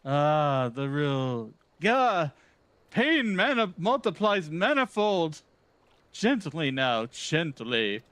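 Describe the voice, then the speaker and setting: A man voicing a pompous, theatrical gentleman inspector in a game, with grandiose, flowery delivery. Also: fairly high pitch, very animated, drawn-out words, clear, resonant tone, no room sound, voice pushed up, exaggerated voice. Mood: pained.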